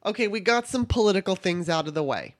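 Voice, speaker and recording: A man's voice: high voice, lively intonation, fast talker. A man co-hosting a podcast, laughing often and asking questions with hesitant restarts. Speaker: podcast co-host. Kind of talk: casual chat.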